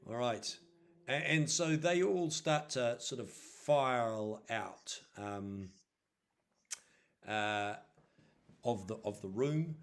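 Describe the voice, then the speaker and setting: Slow-talking male game master. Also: medium pitch. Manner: hesitant, full of ums and restarts. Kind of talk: narrating a tabletop game.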